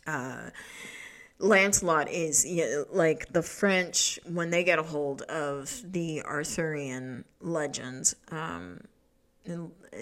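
A woman's voice: deep voice, fairly bright tone. A woman hosting a solo podcast in a rambling, profane way, laughing often and restarting her sentences. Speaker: podcast host. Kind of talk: casual solo podcast talk.

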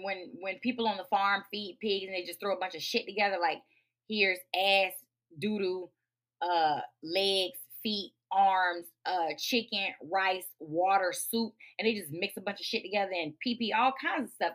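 A woman hosting a podcast, talking in a profane, emphatic, animated rant. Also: medium pitch, moderate pace. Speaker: podcast host. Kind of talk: casual ranting monologue.

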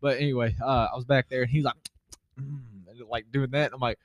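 Hesitant man with a steady voice. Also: medium pitch, fast talker, no echo. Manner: hesitant, awkward storytelling. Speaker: podcast co-host. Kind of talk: casual chat.

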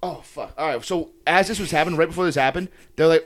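A man's voice: on the high side, fast. A young man with a slightly raised voice tells a wild story on a podcast. He swears constantly and gets heated as he goes, with a loose, casual delivery. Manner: profane, heated, animated storytelling.

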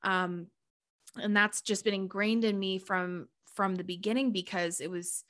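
A woman's voice: mid-range voice, steady tone, unhurried, fairly bright tone. A woman hosting her own podcast in a casual, confessional monologue, chatty and full of "like" fillers, with frequent laughs. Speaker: podcast host.

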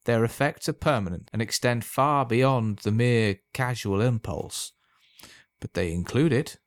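A man voicing a sly, calm old man who sells love potions, speaking smoothly and unhurriedly in a quietly insinuating way. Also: medium pitch, unhurried, dry recording, lightly acted. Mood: confiding.

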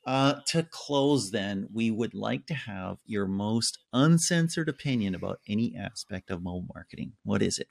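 A man's voice: fairly low pitch, animated, normal speed, gravelly, few pauses, dry recording. A man hosting a podcast interview, enthusiastic and affirming toward his guest. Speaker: podcast host.

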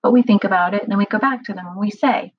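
A middle-aged woman speaking earnestly about her own experience in a personal monologue, often pausing on "um". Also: medium pitch, slightly rough, no room sound. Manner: earnest, explanatory, many filler ums. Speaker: survivor sharing personal experience. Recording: dull lo-fi recording.

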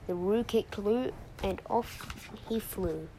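A woman hosting a podcast, reading a children's story aloud in an expressive, sing-song way. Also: medium pitch, slow pace, slight background noise, low-quality recording. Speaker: storyteller host.

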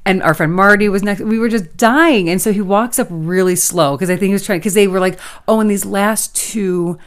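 In a clean-sounding recording, a woman with a medium-pitched voice talks at a normal speed. She co-hosts a podcast and spins a story in easygoing chat, animatedly voicing the quotations.

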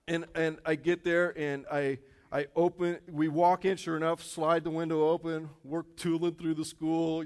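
A man preaching a sermon, telling a personal story with many fillers and animated storytelling. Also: a little high. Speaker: pastor. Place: church auditorium.

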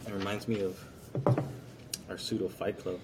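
A man's voice: sits low, level tone, normal speed, noisy background. A man co-hosting a casual podcast, telling loose stories full of fillers. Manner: rambling storyteller, many fillers. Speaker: podcast co-host. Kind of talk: casual chat.

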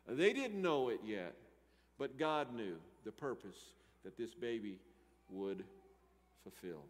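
A man preaching a sermon, moving between loud emphatic lines and quiet asides. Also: medium pitch, lively intonation, normal speed. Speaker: pastor. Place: church sanctuary. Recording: church hall reverb.

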